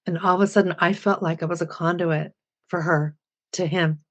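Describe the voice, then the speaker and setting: A woman's voice: lowish voice, steady tone, moderate pace, highs cut off. A woman in her sixties, a podcast guest animatedly recounting a personal story and acting out remembered dialogue. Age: 60s.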